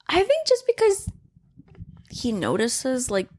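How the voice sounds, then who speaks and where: A woman's voice: slow pace, dry recording. Young woman talking books, voice jumps all over, super dry close mic. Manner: expressive, reads passages aloud, swings her pitch widely. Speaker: podcast co-host. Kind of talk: casual book chat.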